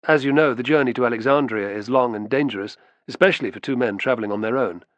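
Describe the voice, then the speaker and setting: A man voicing a calm, composed soothsayer who speaks quietly. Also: mid-range voice, fast talker, dry recording, lightly acted.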